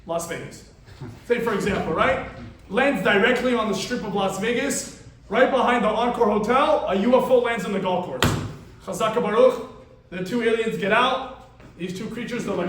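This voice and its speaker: Male rabbi preaching in a large hall: animated, conversational delivery with a fairly high voice, picked up from far off with heavy echo. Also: normal speed. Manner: animated, conversational storytelling with asides to the audience. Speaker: rabbi teaching a weekly class. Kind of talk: storytelling sermon.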